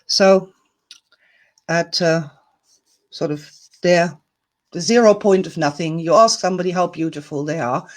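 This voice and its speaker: A woman's voice: fairly low pitch, a little slow, long pauses. A woman teaching a self-help lesson in a chatty, playful, emphatic way. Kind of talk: recorded video lesson.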